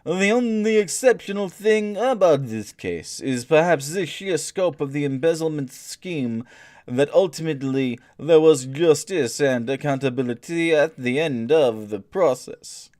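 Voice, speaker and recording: A man's voice: on the high side, lively intonation, unhurried, darkish tone, no echo, studio quality, voice pushed up. A man putting on an outrageous mock French accent to read out a campaigner's quote, drawn out and over the top. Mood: mock-solemn.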